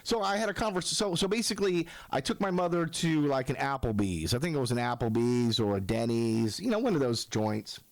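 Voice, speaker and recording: A gravelly man in his forties hosts a show and rambles through self-mocking stories. His voice leaps around with lively pitch. The sound is close and dry, with no room. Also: brisk, hardly any pauses, dry recording. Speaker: radio show host. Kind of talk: rambling casual monologue.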